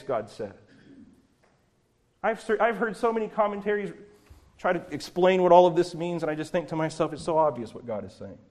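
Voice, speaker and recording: A male pastor delivers a sermon from a church pulpit. His voice sits a little higher than most men's. He moves from hushed, reflective passages into forceful, impassioned declarations. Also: a little fast.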